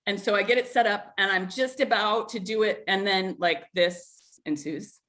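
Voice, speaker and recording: A woman in her thirties tells a family story to an online group in a loose, chatty way. She fills her talk with "like" and "right?", breaks into laughter, and keeps a middle pitch for a woman. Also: moderate pace. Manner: chatty, animated, laughs often, many fillers like "like" and "right?". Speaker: community group host.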